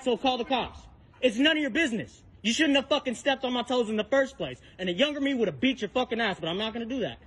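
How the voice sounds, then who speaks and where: Furious high-voiced man confronting someone outdoors. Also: expressive, fast, fairly bright tone, breathy edge, low-quality recording. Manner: angry, profane, confrontational. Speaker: person filming a confrontation. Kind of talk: heated street argument. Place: residential street outdoors. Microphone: phone held while filming.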